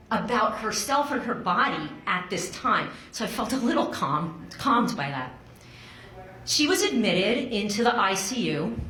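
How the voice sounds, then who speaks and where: A middle-aged woman tells a personal story on stage, chatty and animated, with her voice leaping up whenever she quotes someone. Her voice carries a roomy echo from a live room. A faint hum of ambience sits behind her. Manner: animated, chatty, acts out quotes with big pitch jumps. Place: stage before a live audience.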